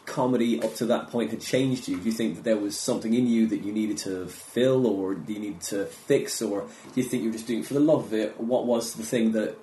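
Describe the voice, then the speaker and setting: A man hosting a casual interview with another comedian, murmuring short agreements and asking gentle questions. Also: fairly low pitch, fairly quick, hardly any pauses, echoey room, slight background noise. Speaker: comedian host.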